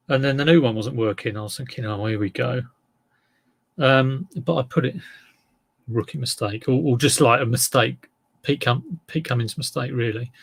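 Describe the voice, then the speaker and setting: A man's voice: mid-range voice, fairly bright tone. A man chatting casually in a vlog as an online reseller. He rambles, drifts off topic and makes fun of himself. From England. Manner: rambling, self-deprecating, wanders off topic.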